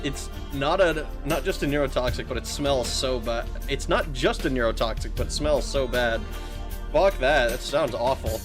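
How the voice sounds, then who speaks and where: A man's voice: mid-range voice, moderate pace, over music. A man streaming a game, chatting casually, rambling and swearing as he reads chat aloud.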